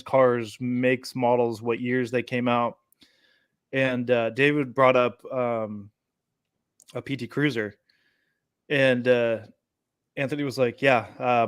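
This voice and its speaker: This podcast host tells a story in a relaxed chat, animated and laughing often while acting out quotes. His mid-range voice is clean-toned and slow-paced, captured in a dry recording.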